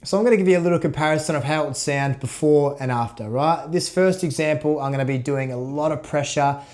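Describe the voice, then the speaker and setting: Relaxed man teaching guitar. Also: on the high side, quick pace. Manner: relaxed, demonstrates while playing, counts beats aloud. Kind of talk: casual instructional talk. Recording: loud guitar under voice. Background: guitar playing.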